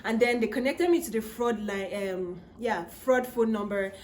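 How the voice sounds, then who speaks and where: A woman vlogger telling a personal story in a casual, animated way, acting out her own replies. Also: moderate pace, slight background noise. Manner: animated, acts out her own quoted replies with rising pitch. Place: living in Canada.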